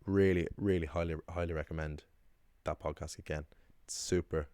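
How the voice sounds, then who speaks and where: A man's voice: very deep voice, steady tone, moderate pace, mellow, clean tone, no room sound. A man teaching a casual language lesson, chatty and rambling, with frequent ums and restarts.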